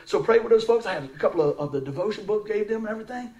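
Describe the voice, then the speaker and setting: A man preaching a sermon, telling a story in a folksy, animated way with frequent asides to his listeners. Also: high voice, very fast, lo-fi sound.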